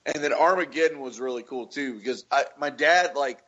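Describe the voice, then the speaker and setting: A man from Florida in a casual podcast chat, telling stories and loudly acting out quotes. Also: mid-range voice, a little fast, highs cut off. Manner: swearing storyteller, acts out quotes loudly. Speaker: podcast co-host.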